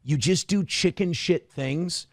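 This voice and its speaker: A man's voice: on the high side, takes it slowly, dry recording, clean studio sound. A man co-hosting a podcast, talking in a blunt, scornful, profane way. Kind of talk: casual podcast commentary.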